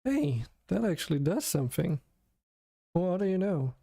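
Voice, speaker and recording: An exhausted man streaming game development, thinking aloud in a monotone, muttering to himself as he works through problems. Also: high voice, moderate pace, gravelly, breathy edge. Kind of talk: thinking aloud while coding.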